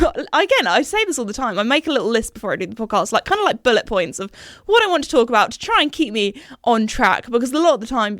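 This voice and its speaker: A woman's voice: a little high, a bit bright, no echo, clean studio sound. A woman in her twenties hosting a podcast, telling rambling stories in casual, chatty talk. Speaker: podcast host. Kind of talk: casual chat.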